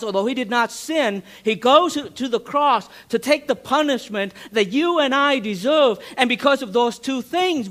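A man's voice: extremely high pitch, fairly bright tone. A man preaching a sermon as a pastor, earnest, with restarts and a voice that rises and falls for emphasis.

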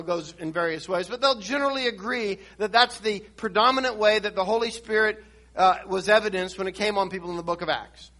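Male preacher, high and bright, teaching sermon, emphatic, restarts often. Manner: reads and explains scripture verse by verse.

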